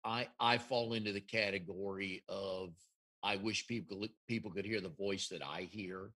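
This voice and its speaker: A man's voice: deep voice, fairly even intonation, normal speed, bright, forceful tone. A man hosting an interview, talking casually about video and how people hear their own voices. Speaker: interview host. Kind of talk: interview conversation.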